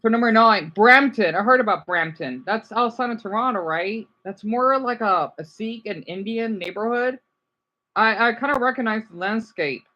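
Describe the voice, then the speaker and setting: A man chatting casually on a live stream, reacting to viewer comments in a rambling, animated way. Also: high-pitched, normal speed, lo-fi sound. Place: home room, keeping voice down.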